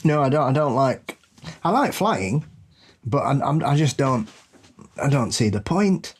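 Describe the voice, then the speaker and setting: Male co-host from England, husky tone, lively pitch swings, quick banter and frequent laughs. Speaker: podcast co-host. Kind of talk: casual chat.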